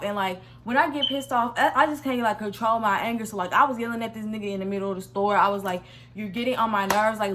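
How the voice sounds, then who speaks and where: A young woman from Missouri telling a casual storytime vlog in a slangy, animated way, with quick restarts and an exasperated tone. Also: fairly high pitch, slight background noise. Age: young adult. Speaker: vlogger.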